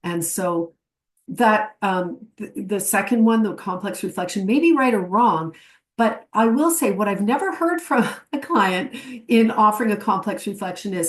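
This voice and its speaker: A woman's voice: medium pitch, lively intonation, measured pace. A woman giving an educational webinar lecture, explaining ideas reflectively and acting out short client examples. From Canada. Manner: warm, reflective teaching with quoted client examples. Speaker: webinar presenter.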